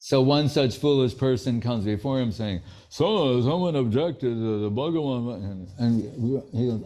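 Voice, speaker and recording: Mellow-voiced man telling sermon stories. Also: medium pitch, unhurried. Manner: storytelling, acting out quoted dialogue. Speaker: spiritual teacher. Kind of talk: anecdotal sermon.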